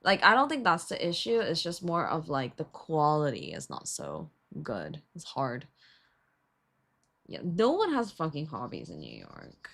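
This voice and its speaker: A woman's voice: low-pitched, measured pace, gravelly, slightly rough. A woman streamer co-hosting with her husband, telling a story in casual chat, laughing and swearing freely. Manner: animated, laughing, swears freely, many fillers.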